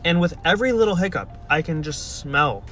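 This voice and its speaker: A young man with a high, bright voice tells a casual storytime. His delivery is wry and exasperated, with a deadpan edge. Faint music runs underneath. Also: fairly quick. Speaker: storyteller in a played video clip.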